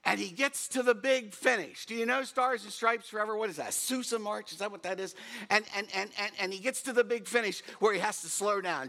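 A middle-aged man preaching a storytelling sermon as pastor, animated, humming tunes and raising his voice for emphasis. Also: sits high, brisk, creaky.

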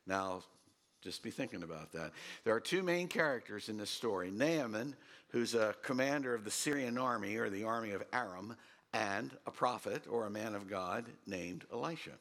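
A man's voice: on the low side, normal speed. A male pastor giving a sermon, reading scripture and quizzing his listeners. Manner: quizzes listeners, lively storytelling.

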